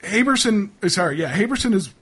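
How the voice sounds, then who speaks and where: A man narrating as game master for a tabletop game, halting with many fillers. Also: high voice, lively intonation, fairly bright tone, a little hiss or hum.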